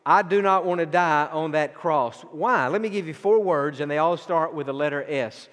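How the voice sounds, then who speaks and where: High-voiced preacher in a reverberant hall. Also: male voice, a bit bright. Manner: slow, emphatic delivery with drawn-out scripture quotes. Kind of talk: sermon.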